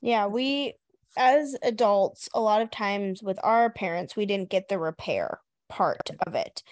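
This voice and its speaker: A woman's voice: mid-range voice, lively intonation, measured pace. A woman in her thirties co-hosting a parenting podcast, chatting casually, laughing often and acting out what she says to her kids. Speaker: podcast co-host. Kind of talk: casual chat.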